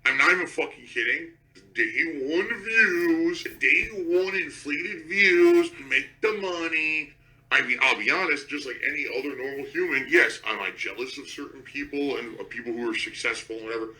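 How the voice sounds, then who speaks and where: A man's voice: mid-range voice, lively intonation, quick pace, pushed and bright, poor audio. A man who creates gaming videos, ranting indignantly and swearing a lot. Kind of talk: angry rant.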